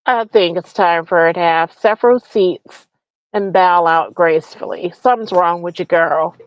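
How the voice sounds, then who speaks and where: A woman's voice: lowish voice, normal speed, dry recording. A woman hosting a comedic political rant, mocking and profane, firing off rhetorical questions. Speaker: host. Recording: dull lo-fi recording.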